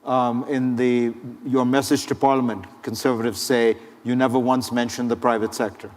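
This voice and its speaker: A male interviewer puts direct, pressing questions and asks for clear answers. His pitch is middling for a man. A long reverb trails behind his voice, as in a large hall. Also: flat delivery, moderate pace, darkish tone.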